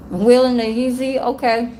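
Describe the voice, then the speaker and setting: A woman who works at a care home, telling a casual, animated story. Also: fairly high pitch, moderate pace, slight background noise. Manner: gossipy, animated, swears and laughs while telling.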